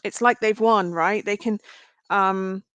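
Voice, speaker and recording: A woman's voice: medium pitch, fairly even intonation, slow, fairly bright tone, clean tone, no room sound. A woman doing a live tarot reading, chatting straight to her viewers. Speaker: tarot reader. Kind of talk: live-stream card reading.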